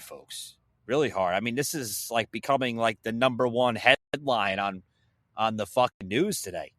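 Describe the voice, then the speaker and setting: A man's voice: mid-range voice, normal speed, a bit bright, no room sound, clean studio sound. A man hosting an opinion podcast, ranting in a heated, sarcastic way and swearing as he talks to his listeners. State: a little winded. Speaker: podcast host.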